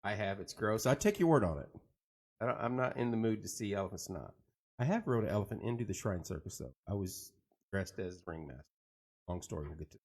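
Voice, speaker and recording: A man's voice: on the low side, fast talker, breathy edge. A middle-aged man hosting a casual live chat, joking and rambling as he tells stories and greets viewers. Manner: joking, rambling, animated storytelling. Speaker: host of a live chat show.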